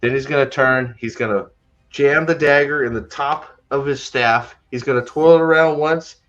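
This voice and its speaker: A man's voice: medium pitch, steady tone, normal speed, a bit bright, muffled recording. A man hosting a podcast in a casual, sarcastic rant, stumbling over his words as he mock-retells scenes. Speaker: podcast host.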